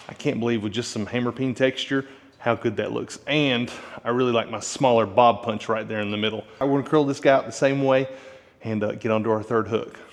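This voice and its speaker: A man giving a relaxed, chatty, encouraging blacksmithing demonstration in his workshop, laughing easily as he explains. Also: medium pitch, a little fast. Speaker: blacksmith instructor. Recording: long reverb with loud air conditioning and vehicle noise.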